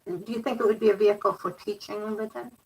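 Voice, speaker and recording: A woman's voice: medium pitch, fairly even intonation, quick pace. A woman moderating a talk and reading out viewer questions, with hesitant fillers between them. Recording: distant mic.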